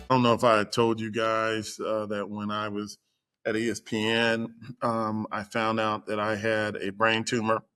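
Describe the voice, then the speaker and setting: A man's voice: fairly low pitch, completely flat delivery, normal speed, a bit bright, clean tone, faint music behind. A middle-aged man, a guest on the show, tells a personal story in conversation. He speaks with frequent fillers and acts out the voices of the people he quotes. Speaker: guest executive.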